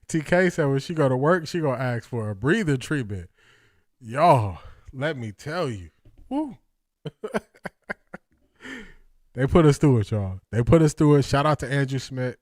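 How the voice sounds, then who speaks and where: A man hosting a live watch-party stream, excitable and out of breath, laughing often and calling his viewers y'all. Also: mid-range voice, measured pace, pauses often, no echo, studio quality.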